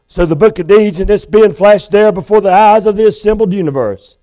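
A man's voice: high voice, a little fast, mellow. A male Baptist preacher delivering a sermon in a church, urgent and pleading with his listeners. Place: church sanctuary.

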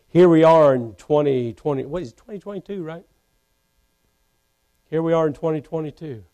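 A man preaching a sermon from a church pulpit, swinging between fervent shouting and hushed intensity. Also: a little high, measured pace, pauses often. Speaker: pastor. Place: church sanctuary.

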